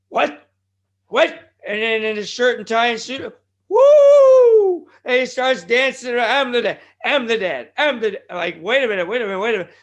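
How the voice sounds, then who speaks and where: High-pitched guy hosting a wrestling podcast, rambles all over, gets loud and fired up. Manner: excitable, digressive, loud bursts and mock impressions. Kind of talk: rambling casual commentary.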